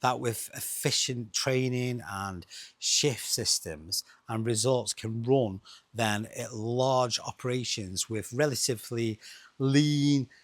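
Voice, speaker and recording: A middle-aged man, chatting quickly and rhetorically as he explains travel costs to viewers. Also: mid-range voice, no room sound. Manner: chatty, rhetorical, fast-talking. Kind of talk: casual explainer monologue.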